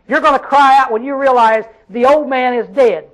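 A man's voice: very high-pitched, normal speed, fairly bright tone, rough recording. A man with a Southern American accent preaching a sermon in a folksy, emphatic way, calling out questions to his congregation.

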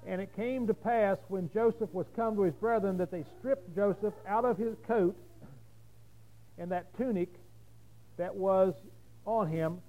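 A man's voice: high-pitched, measured pace, mellow, low-quality recording. A man delivers a sermon. He preaches conversationally, leaning on rhetorical questions to his listeners.

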